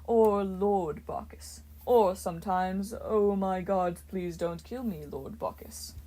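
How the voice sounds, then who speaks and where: A woman voicing a grumpy male wine god who talks in a slow, lazy drawl. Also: medium pitch, dark tone, lightly acted.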